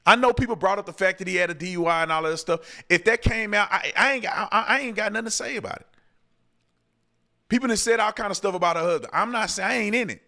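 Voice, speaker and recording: Male host, bright and fairly high voice, heated rant with lots of restarts. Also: fast talker. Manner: heated, ranting, repeats himself. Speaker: show host. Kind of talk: commentary and viewer Q&A.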